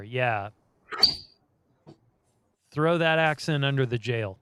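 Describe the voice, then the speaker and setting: A man's voice: mid-range voice, moderate pace, background noise. A man co-hosting a podcast, chatting casually with a blunt, profane, joking manner. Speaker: podcast co-host. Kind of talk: casual chat.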